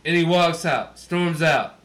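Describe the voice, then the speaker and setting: A man's voice: fairly high pitch, a little slow, a bit bright. A drunk man hosting a podcast, telling a story in casual chat, acting out quotes and swearing a lot. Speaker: podcast host.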